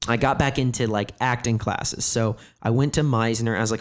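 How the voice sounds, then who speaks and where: A man's voice: mid-range voice, fairly even intonation, a little fast, few pauses. A man in his thirties, a comedian, telling candid stories in conversation, rambling and leaning hard on "like", with frequent swearing. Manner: rambling, filler-heavy "like" phrasing, profane. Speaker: comedian guest.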